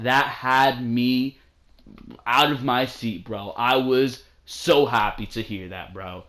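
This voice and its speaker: A young man giving a casual, excitable wrestling review from home, repeating lines for emphasis and calling the listener "bro". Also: mid-range voice, unhurried.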